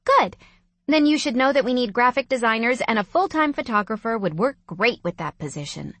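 A woman voicing a brisk, direct young woman who teases her brother in an audiobook story. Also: a little high, lively intonation, fairly bright tone, no room sound. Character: bossy, teasing young woman, sister figure.

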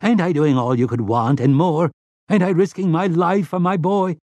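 A man voicing a weary, whiny middle-aged father with rough country speech in a storybook reading, his pitch raised above his own. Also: animated, normal speed, darkish tone, dry recording.

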